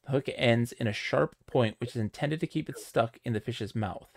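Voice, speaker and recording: A man's voice: mid-range voice, moderate pace, vocal fry, no room sound, studio quality. A man streaming a text adventure, thinking aloud with lots of hesitation and wry jokes. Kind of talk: casual chat while playing a game.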